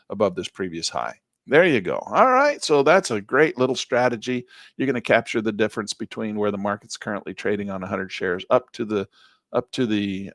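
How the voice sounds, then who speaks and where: A middle-aged man giving a live trading lesson in a folksy, upbeat way, losing his voice and clearing his throat. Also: fairly low pitch, no room sound, studio quality. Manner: folksy, upbeat, talks while clicking through charts. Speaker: trading instructor.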